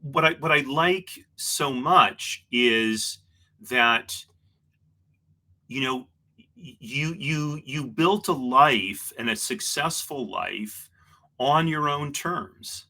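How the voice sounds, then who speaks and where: Man, interview host, rambling, hesitant, very bright tone. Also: medium pitch, extremely slow. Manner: rambling, with many restarts and hesitant fillers. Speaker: show host. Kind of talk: casual interview chat.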